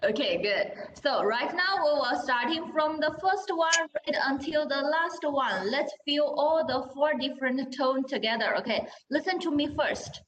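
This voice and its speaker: A woman with a high voice teaches a Mandarin class at a measured pace with few pauses, against background noise and a roomy echo. She explains patiently, models sounds for students to repeat, and keeps checking in by asking "okay?".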